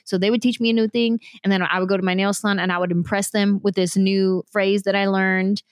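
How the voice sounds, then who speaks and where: A woman comedian from San Jose tells stories in a quick, animated way, with her pitch sitting in the middle of the range. The recording is very dry and close, with no room sound. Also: dry recording. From San Jose, California, US. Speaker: comedian guest. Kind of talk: casual interview storytelling.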